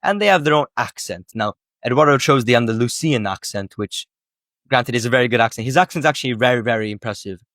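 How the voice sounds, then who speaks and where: A man's voice: mid-range voice, expressive, fast, a bit bright, dry recording. Emphatic male language coach, dry sound. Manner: emphatic and persuasive, rhetorical questions, many fillers like "like". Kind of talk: casual direct-to-camera teaching.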